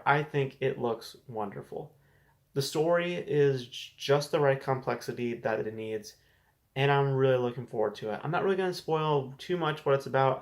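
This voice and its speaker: A man hosting a casual solo movie news show, sharing frank opinions in a conversational way, often restarting and repeating words. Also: medium pitch. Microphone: desk camera setup.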